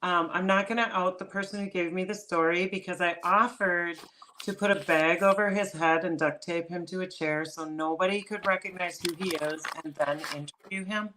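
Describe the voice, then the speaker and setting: A woman's voice: on the low side, steady tone, moderate pace, bright, forceful tone, a little hiss or hum. Woman, from northern Minnesota, chatty storyteller, laughs a lot, casual podcast talk. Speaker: podcast co-host.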